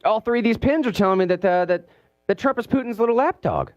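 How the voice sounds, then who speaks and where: A man hosting a political talk radio show from a studio, animated and sarcastic, mimicking the people he talks about. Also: sits high, quick pace, dry recording. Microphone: studio mic.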